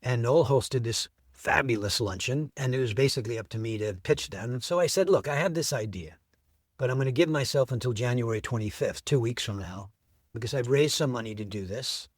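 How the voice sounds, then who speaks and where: A middle-aged man tells his story as an interview guest, carried along by eager enthusiasm. His voice sits at an average pitch for a man. The sound is dry and close, with no room echo. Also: breathy edge.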